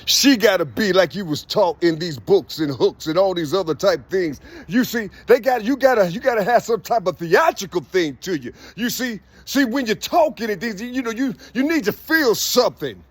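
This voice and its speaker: A man's voice: sits high, animated, normal speed, few pauses, dry recording. A man giving a loose spiritual monologue, preachy and slangy, with "you see" in nearly every line.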